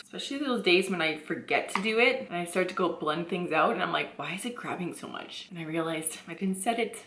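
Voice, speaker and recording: A woman's voice: lowish voice, sharp tone, roomy sound. A woman chatting casually through a makeup tutorial at home, rambling with asides and laughing often. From Canada. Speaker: beauty vlogger. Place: home, indoors. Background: thunderstorm outside.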